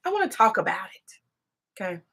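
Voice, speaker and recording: A woman's voice: medium pitch, big pitch swings, normal speed, gravelly, pushed and bright, slightly rough. A woman hosting a rambling, profane commentary, emphatic and repetitive, full of rhetorical questions. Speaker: commentary host.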